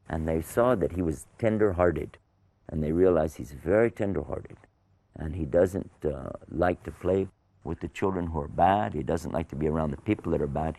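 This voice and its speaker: Deep, gravelly older storyteller man. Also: dark tone, dry recording. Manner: folksy and conversational, asks the listeners questions. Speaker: religious storyteller. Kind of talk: storytelling for children.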